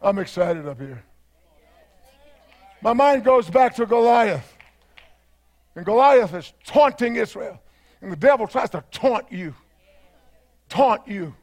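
Southern man as pastor, high-pitched, fervent sermon delivery with shouted peaks. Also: big pitch swings, a little slow, pauses often. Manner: fervent, repeating "Hallelujah", building to shouts.

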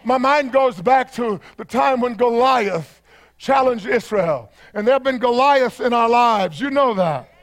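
A man with a Southern US accent, a pastor preaching a sermon with fervent cries of praise that build to shouts. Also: very high voice, expressive, unhurried.

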